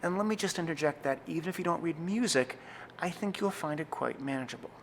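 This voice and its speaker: A young man, a church music director, giving an earnest, scripted tutorial, sometimes slowing to a careful, deliberate reading pace. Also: fairly high pitch, slight background noise. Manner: measured, earnest, reads slowly and deliberately in demonstrations. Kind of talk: scripted instructional talk.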